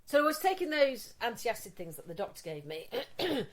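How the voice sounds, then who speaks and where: A woman's voice: a little high, very animated, a little fast. A middle-aged woman co-hosting a podcast, telling stories in casual chat, sweary and laughing often. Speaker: podcast co-host.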